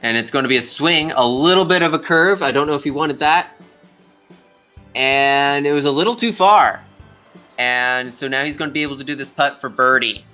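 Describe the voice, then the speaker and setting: A man's voice: mid-range voice, moderate pace, pushed and bright, soft background music. A young man giving casual live play-by-play commentary on a video game golf tournament, chatty and talking straight to the players.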